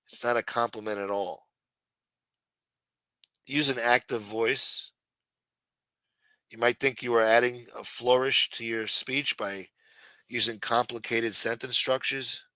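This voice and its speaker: A man's voice: medium pitch, bright, forceful tone, no room sound. A man from New York with a New York accent hosting a late-night show, rambling and swearing in a sarcastic casual monologue. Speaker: host.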